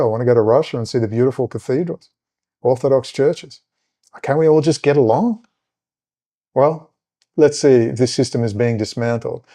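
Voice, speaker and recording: A man's voice: medium pitch, dark tone. A middle-aged man from Australia, rambling through a casual political monologue as a podcast host, with many fillers and asides.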